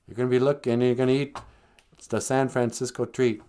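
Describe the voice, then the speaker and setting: A man's voice: mid-range voice, flat delivery, brisk, dark tone, clean tone, voice pushed up, natural voice. A man voicing a male spirit who proclaims a prophecy in a playful, grand way. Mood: prophetic.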